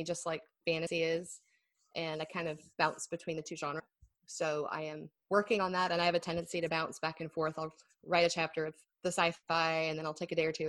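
In a lowish, slightly bright voice captured in a dry recording, a guest author talks loosely about her work, laughing at herself easily. She then reads her fantasy chapter aloud.

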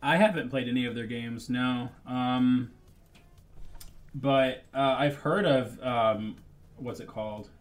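Easygoing joking man, mid-pitched voice. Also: takes it slowly, faint music behind. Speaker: podcast co-host. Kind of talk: casual podcast chat.

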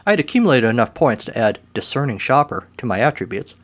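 A man's voice: medium pitch, very animated, fast. A man reading a first-person short story aloud in a dry, wry way.

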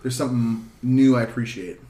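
A man co-hosts a casual podcast, talking at a middle pitch. He rambles and fills his sentences with "like". The room has a noticeable echo. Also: fairly quick, dark tone. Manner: rambling, lots of "like". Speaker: podcast co-host. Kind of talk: casual chat.

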